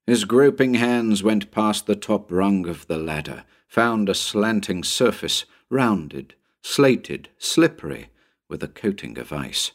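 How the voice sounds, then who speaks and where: A man with a very deep voice reads a horror tale slowly and with suspense. His delivery is unhurried, and his pitch swings widely to build tension around each scene. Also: big pitch swings. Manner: measured, suspenseful storytelling. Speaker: narrator. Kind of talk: dramatic audiobook narration.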